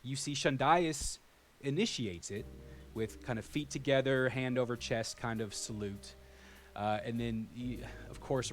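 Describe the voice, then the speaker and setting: A man narrating a tabletop game as game master, describing scenes in detail and often pausing with fillers. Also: lowish voice. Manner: descriptive with frequent fillers and restarts.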